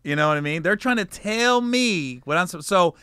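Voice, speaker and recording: Male comic guest, bright forceful voice, lively storyteller, dry studio sound. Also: high voice, moderate pace, smooth, no echo. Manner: animated storyteller acting out quotes. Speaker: comedian guest. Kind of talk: casual interview storytelling.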